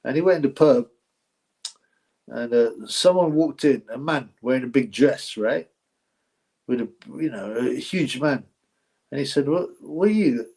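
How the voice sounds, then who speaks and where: A man's voice: medium pitch, unhurried, pauses often, a little mellow, husky. A man hosting a casual live stream, rambling, repeating himself, and effusively thanking donors. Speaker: livestream host reading donations.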